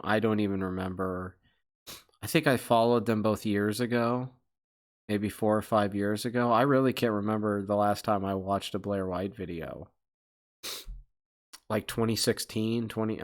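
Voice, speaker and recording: A man hosting a casual livestream, rambling through chat questions with profane joking accusations. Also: lowish voice. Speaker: channel host.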